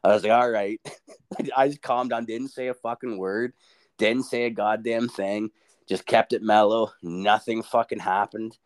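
A man's voice: on the low side, a little slow. A young man telling a crude story in casual chat, swearing constantly and acting out what people said. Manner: profane, animated, quotes people in funny voices.

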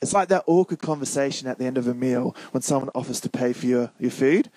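A man's voice: mid-range voice, fast, a little mellow, dry recording, low-quality recording. A man preaching in a casual, conversational way, reading scripture and asking the listeners to call out answers. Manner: conversational, prompts the audience to call out.

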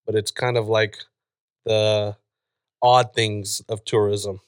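A man's voice: on the low side, little pitch movement, takes it slowly, clear, resonant tone, dry recording, studio quality. A man co-hosting a podcast in casual chat, laid-back, swearing and laughing often. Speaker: podcast co-host.

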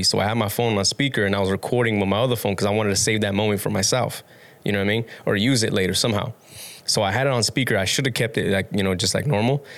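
A man's voice: lowish voice, a bit bright. A young man, a podcast guest and dad, telling a story in casual, rambling interview chat full of restarts, casual swearing and laughs.

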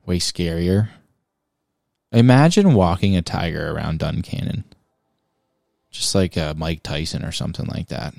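A man's voice: low-pitched, measured pace, vocal fry, long pauses, a little mellow, dry recording, clean studio sound. A man co-hosting a podcast in casual, rambling, playful chat, sounding tired. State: tired, yawning. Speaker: podcast co-host.

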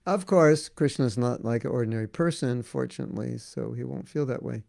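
A man teaching and answering listeners' questions in a devotional talk, speaking in a conversational, gently coaxing way. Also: mid-range voice, fairly quick, gravelly, no echo, clean studio sound. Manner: conversational, gently coaxing, frequent "you know".

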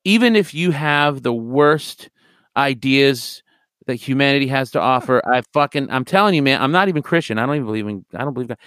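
A man's voice: mid-range voice, brisk, dry recording, studio quality. A man talking as a podcast guest in casual chat, profane and rambling as he tells stories. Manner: profane, rambling, animated storyteller.

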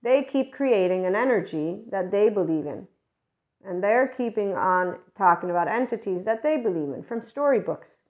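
A woman's voice: mid-range voice, animated, normal speed, darkish tone. A woman hosting a spiritual talk podcast, speaking in a rambling, candid way, laughing often and swearing freely. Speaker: podcast host. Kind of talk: casual spiritual monologue.

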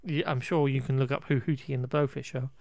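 A man's voice: medium pitch, steady tone, fast, creaky, darkish tone, no echo. Chatty man recapping a film. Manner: rambling, self-correcting, laughs often. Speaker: podcast co-host recapping a film. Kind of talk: casual chat.

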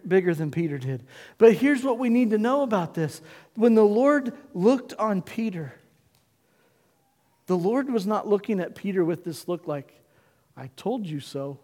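A man's voice: high-pitched, expressive, moderate pace, long pauses, a little mellow. A male pastor preaching a sermon, telling a story dramatically and acting out the characters' voices. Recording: long hall reverb.

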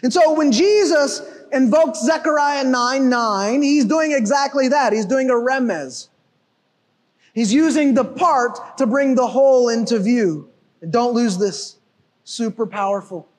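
A man with a very high voice preaches a sermon, animated and emphatic, often shouting a point home. His voice rings out with a long reverb, as if recorded in a church hall. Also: unhurried. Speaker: pastor.

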